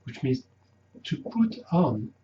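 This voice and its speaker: A man teaching a language lesson, speaking slowly and carefully and repeating words to drill pronunciation. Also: medium pitch, big pitch swings, dark tone. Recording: roomy, dull lo-fi with faint noise.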